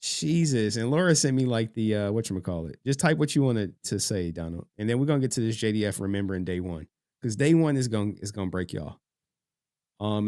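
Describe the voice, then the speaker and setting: Here a livestream host speaks in a fairly low, darkish voice, chatting casually with viewers. He curses freely and becomes emotional as he reads their messages out loud. There's no room sound, just studio-quality audio.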